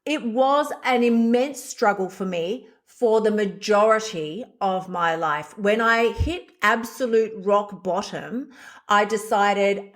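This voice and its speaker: A woman's voice: medium pitch, slow. Candid, swearing woman host. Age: middle-aged. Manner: candid and blunt, swears freely. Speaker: podcast host. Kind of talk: confessional solo podcast monologue.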